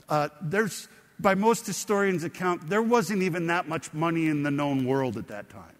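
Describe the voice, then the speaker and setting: A man preaching with a fairly high voice, telling a scripture story and pausing to quiz his listeners. His words carry a long reverb, as if he stands in a large hall. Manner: explanatory, conversational preaching with questions to the congregation. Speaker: pastor. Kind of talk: sermon.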